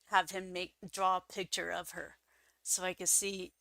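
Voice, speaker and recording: Woman, guest storyteller; slow, bright, lively quotes, dry sound. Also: creaky, no room sound. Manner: animated, acts out quoted voices with big pitch jumps. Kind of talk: casual interview storytelling.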